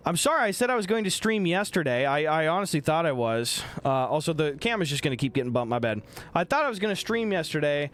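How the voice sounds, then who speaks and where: Talking fast in a fairly high voice, a young Midwestern streamer keeps things casual and animated. He cracks jokes, swears constantly and reads chat messages aloud.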